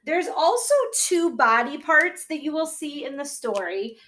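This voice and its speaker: A woman's voice: high voice, expressive, bright, forceful tone. A woman teacher giving a reading lesson to young children, patiently sounding out words and checking in with a frequent "okay?". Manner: sounds out words slowly syllable by syllable.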